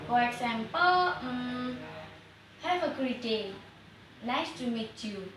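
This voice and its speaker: A woman's voice: a little high, animated, slow, noisy background. A young woman playing a worried student. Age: young adult. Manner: plain non-native English, stiff recited lines. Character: worried young female student, struggling with her lesson. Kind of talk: amateur student drama. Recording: echoey room, far from the mic.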